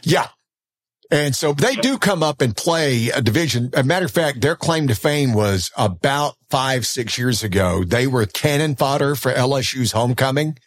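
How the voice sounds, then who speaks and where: Lively Alabama-accented man, swooping voice. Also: mid-range voice, normal speed. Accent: Southern American. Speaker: podcast host. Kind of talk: casual podcast chat.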